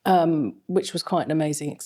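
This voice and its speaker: A middle-aged woman with a low, mellow voice speaks as an interview guest. She tells long, meandering anecdotes and fills them with frequent ums and restarts. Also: moderate pace. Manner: rambling anecdotal storytelling with frequent fillers. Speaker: fashion film lecturer, guest. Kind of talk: casual interview chat.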